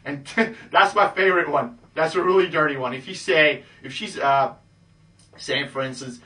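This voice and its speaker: A man coaching listeners on dating in a confident, matter-of-fact monologue, ending almost every point with a low "okay?". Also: moderate pace, sharp tone, far from the mic. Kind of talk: instructional monologue.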